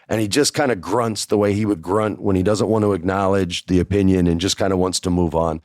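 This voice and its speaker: Deep-voiced man telling a casual story. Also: fairly even intonation, fairly quick, few pauses, darkish tone, dry recording, studio quality. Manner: chatty, acts out quoted dialogue. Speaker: podcast host. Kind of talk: casual first-person storytelling.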